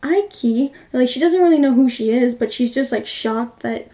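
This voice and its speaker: A woman's voice: a little high, brisk, warm tone. Young woman gushing through a movie recap. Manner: gushing, filler-heavy storytelling. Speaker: movie reviewer.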